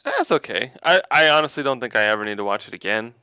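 A young man co-hosting a casual podcast, throwing in quick, wry asides. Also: medium pitch, sing-song, pushed and bright, clean tone, no echo. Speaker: podcast co-host. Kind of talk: casual movie chat.

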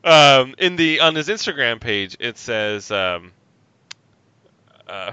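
A man co-hosting a casual chat, ranting and swearing with animated laughs, on a dry, slightly dull recording. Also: medium pitch, takes it slowly, long pauses, clean tone, no room sound.

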